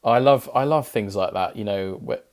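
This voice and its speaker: A man hosting an interview, relaxed and encouraging, with short affirmations. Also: fairly low pitch, moderate pace. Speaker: host. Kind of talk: casual interview chat.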